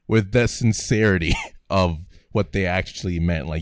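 A man's voice: medium pitch, sing-song, moderate pace, no room sound, clean studio sound. A man co-hosting a casual podcast chat, rambling and laughing often. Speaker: podcast co-host.

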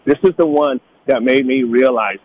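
A middle-aged man from Northern California in a casual storytelling talk, animated, acting out the people he quotes in a higher voice. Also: normal speed, highs cut off. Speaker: guest telling life stories.

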